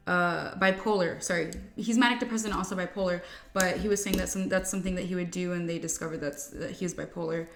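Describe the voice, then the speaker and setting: Candid rambling woman in an echoey room. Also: on the low side. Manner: candid, rambling, many fillers and restarts. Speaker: beauty vlogger. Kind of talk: casual chat while getting ready. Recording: echoey room with faint music.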